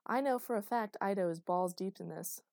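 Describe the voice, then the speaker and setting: A man's voice: sits high, normal speed, gravelly, a little mellow, dry recording. A woman reading the lines of a joking young man in an audiobook, in a dry recording. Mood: cocky.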